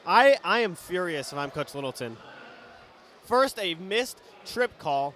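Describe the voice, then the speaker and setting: A young man doing color commentary on a high school basketball game, indignant about the refereeing. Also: sing-song, a little slow, sharp tone, a little hiss or hum.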